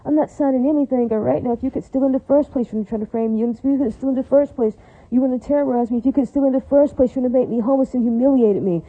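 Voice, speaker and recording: A woman's voice: sits high, very fast, dry recording. A woman delivering an angry, repetitive, profane rant to her viewers in a vlog. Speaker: vlogger. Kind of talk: ranting vlog monologue. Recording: dull lo-fi recording.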